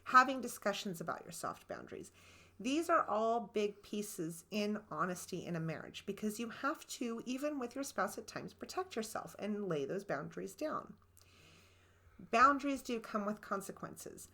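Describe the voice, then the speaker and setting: A woman's voice: mid-range voice, lively intonation, moderate pace, sharp tone. A woman co-hosting a marriage podcast, earnestly explaining boundaries with worked examples from her own marriage. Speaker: podcast co-host. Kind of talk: relationship advice talk.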